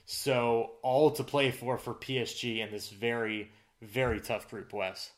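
A man's voice: medium pitch, flat delivery, a little slow. Rambling male football podcast host. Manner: rambling, filler-heavy recap of results. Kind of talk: casual sports chat.

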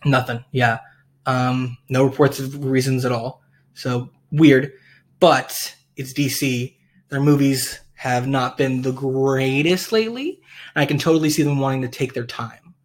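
A young man from the United States chats as host of a relaxed podcast. He rambles and leans on fillers, and he laughs often as he talks. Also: mid-range voice, a little slow. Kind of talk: casual chat.

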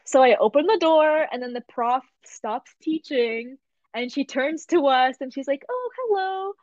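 This podcast host is a young adult woman whose high-sitting voice moves at an unhurried pace, free of echo. Telling stories casually, she stays animated, laughing a lot and leaning on "like" as filler, all captured on a dry, dull lo-fi mic.

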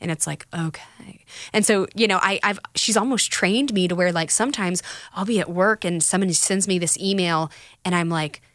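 A woman's voice: on the low side, normal speed, no echo, clean studio sound. A woman talking candidly about recovery in a casual podcast chat, telling stories with quoted voices.

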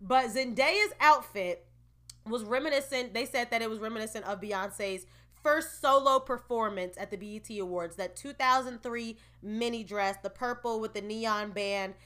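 A woman's voice: fairly high pitch, normal speed, fairly bright tone. A woman vlogger giving a chatty, opinionated recap of an awards show, with laughing asides. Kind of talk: casual entertainment recap.

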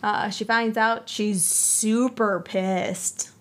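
A woman co-hosting a casual movie podcast, animated and swearing freely as she acts out scenes. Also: medium pitch, drawn-out words. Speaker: podcast co-host.

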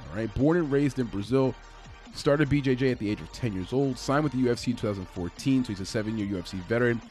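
A man's voice: mid-range voice, darkish tone. A man giving a casual, conversational breakdown of an upcoming fight, with frequent fillers and restarts. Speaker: MMA fight analyst.

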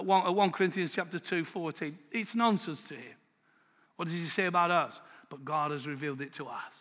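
Emphatic preacher man in a reverberant hall. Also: high voice. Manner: emphatic, swings from quiet to loud. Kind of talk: sermon.

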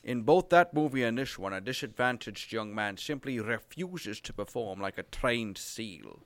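A man co-hosting a movie podcast, reading a review aloud in a dry, deadpan way. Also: mid-range voice, moderate pace, slight background noise. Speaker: podcast co-host.

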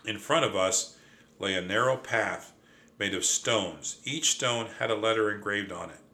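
A man narrating a children's adventure story in an expressive, lively reading. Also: fairly low pitch, unhurried. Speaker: audiobook narrator.

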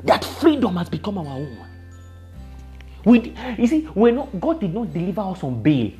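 Brief: woman preacher, lively swooping delivery, warm dark tone, faint music behind. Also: mid-range voice, normal speed. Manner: emphatic, repetitive, laughs often. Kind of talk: sermon.

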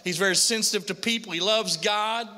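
Earnest middle-aged man, bright high voice. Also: a little fast. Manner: earnest storytelling with frequent repetition. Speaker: father giving a testimony to a pastor. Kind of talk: emotional personal testimony. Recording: long hall reverb.

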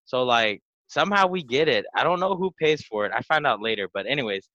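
A man's voice: mid-range voice, lively intonation, quick pace, pushed and bright, dry recording, lo-fi sound. A young man in his twenties, hosting a podcast and telling a long story casually, with "like" all through it. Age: 20s. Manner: rambling, full of "like" fillers. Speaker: podcast host.

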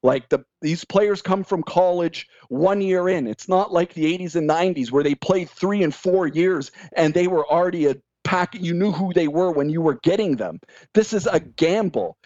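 A man with a notably high voice rants emphatically in casual sports podcast chat, mocking other people's takes. The sound is dry and close, a little dull and lo-fi. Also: moderate pace, a little mellow, no echo. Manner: ranting, emphatic, mocks others in quoted voices. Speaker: podcast guest.

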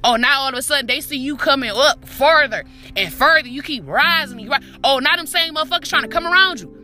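High, bright-voiced woman preaching profanely. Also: fast. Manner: profane, preachy, calls listener "my baby"; repetitive, emphatic street talk. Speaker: podcast host. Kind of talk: motivational monologue.

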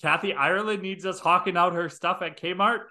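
A man's voice: high-pitched, normal speed, bright, forceful tone. A man from the American Midwest with a Wisconsin accent, co-hosting a podcast and joking and teasing in casual chat. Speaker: podcast co-host.

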